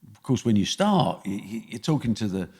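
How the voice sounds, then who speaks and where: A man's voice: lowish voice, very animated, fairly quick, darkish tone, husky, big-room sound. An older man with an East London accent, a guest telling blunt, punchy stories in a podcast interview. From England. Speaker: guest, sports promoter.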